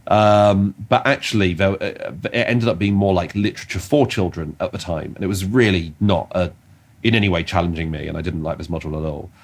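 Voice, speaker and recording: A man's voice: low-pitched, fairly quick, creaky. A man co-hosting a comedy podcast, chatting casually and telling rambling stories full of restarts. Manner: rambling, self-interrupting storytelling with restarts. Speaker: podcast co-host.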